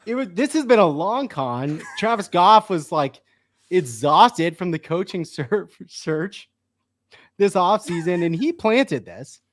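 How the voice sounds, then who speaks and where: A man chatting on a sports podcast, his pitch bouncing up and down as he rambles through a bit and keeps cracking himself up. The sound is dry and close, with no room around it. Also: very animated, slow pace, no room sound. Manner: giggly, rambling, breaks into laughter while reading. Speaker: podcast co-host. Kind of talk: casual sports chat.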